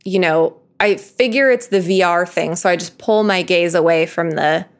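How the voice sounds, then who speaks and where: A young woman co-hosting a podcast, telling a story in a casual, animated way, laughing often and saying "like" a lot. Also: on the low side, moderate pace. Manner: animated, laughing, full of filler "like".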